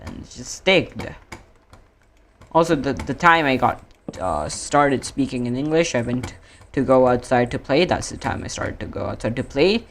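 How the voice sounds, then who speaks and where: Give me a rambling gaming streamer from India, mid-pitched, with light typing noise behind. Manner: rambling, self-correcting, drawn-out fillers. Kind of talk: casual gaming stream chat.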